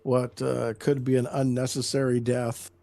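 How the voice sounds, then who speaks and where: A man at the gaming table, eagerly thinking through ideas aloud. His words sometimes tumble out in quick bursts. His voice is middle-pitched and sounds dry and close, with no room sound. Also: flat delivery, creaky, mellow, dry recording. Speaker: player. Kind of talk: casual tabletop game chat.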